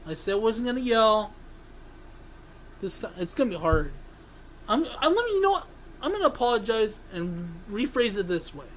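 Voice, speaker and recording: A sports vlogger ranting angrily, swearing and breaking into sudden yells, then apologizing for them. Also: mid-range voice, lively intonation, moderate pace, a little hiss or hum, low-quality recording. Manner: ranting, swearing, bursts into yelling; self-interrupting, apologizes for yelling. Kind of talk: angry sports rant.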